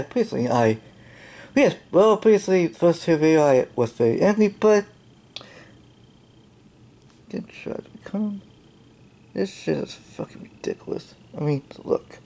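A slow-talking channel host delivers an angry commentary rant, swearing constantly and sighing between complaints. The speech comes in halting bursts, full of restarts and repeated exasperated questions. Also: mid-range voice, darkish tone. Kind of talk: angry ranting commentary over screen content.

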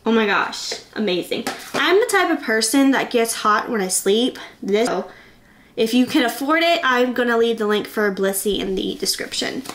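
A young woman vlogging from her bedroom in a chatty, excitable, rambling way. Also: a little high, normal speed. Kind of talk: casual vlog chat.

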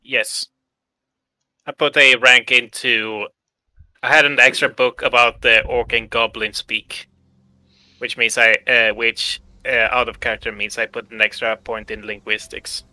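A man playing a tabletop game, speaking haltingly with many fillers. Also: medium pitch, little pitch movement, pushed and bright, no room sound, poor audio. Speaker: player.

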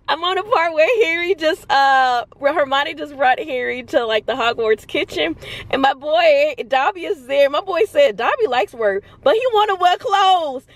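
Brief: young woman, book vlogger, hyped and slangy, laughs a lot, slightly high voice. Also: animated, moderate pace. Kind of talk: casual reaction chat. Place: public place.

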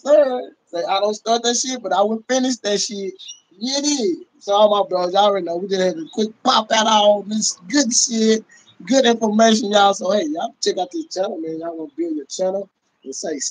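A man on a casual livestream, ranting in a loud, profane, boisterous way and laughing often. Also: high-pitched, big pitch swings, moderate pace, slight background noise, low-quality recording.

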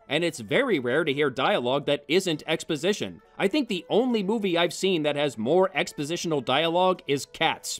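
A man reading a scripted film review in a sarcastic, exasperated way. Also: a little high.

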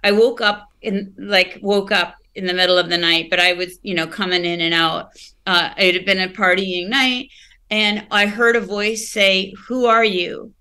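A woman's voice: medium pitch, steady tone, normal speed, sharp tone, clean tone. A woman, a podcast guest, telling her personal story candidly and reflectively, often searching for words and restarting.

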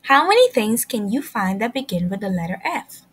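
A woman hosting a children's reading channel, reading a picture book aloud in a slow, expressive storytelling manner. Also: mid-range voice, slightly rough.

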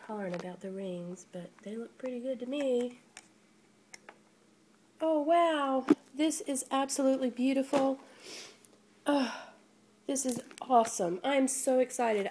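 A woman vlogging an unboxing on a handheld phone, gushing and gasping with breathless excitement. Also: fairly high pitch, vocal fry, slight background noise. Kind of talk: casual unboxing chat. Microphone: phone held in hand.

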